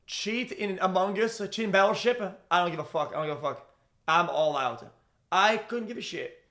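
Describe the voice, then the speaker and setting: A young man with a high, bright-sounding voice is giving live stream reaction commentary. He rambles, swears freely, and trips over his words with constant restarts. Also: lively intonation, moderate pace. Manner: rambling, profane, stammers and restarts.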